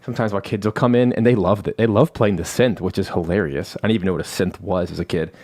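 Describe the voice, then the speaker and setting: A man's voice: low-pitched, fairly even intonation, quick pace, a little mellow, dry recording. A man with a cold hosting a casual live stream from his home studio, talking in a chatty, rambling, self-deprecating way into a vocal mic. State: has a cold. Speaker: live stream host and composer. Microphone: studio vocal mic through a manual analog mixer.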